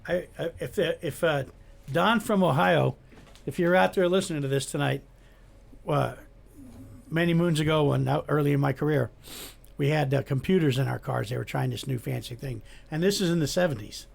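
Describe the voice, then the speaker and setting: A man's voice: a little high, normal speed, vocal fry. A man in his sixties, a retired police officer hosting a podcast, telling a rambling old story with chuckles in casual chat. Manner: rambling anecdotal delivery with chuckles.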